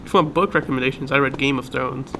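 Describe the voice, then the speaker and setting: A man's voice: mid-range voice, steady tone, fast talker, creaky, bright, forceful tone, slight background noise, rough recording. A young man co-hosting a podcast, chatting casually in a laid-back, rambling way about what he reads. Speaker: podcast co-host. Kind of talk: casual chat.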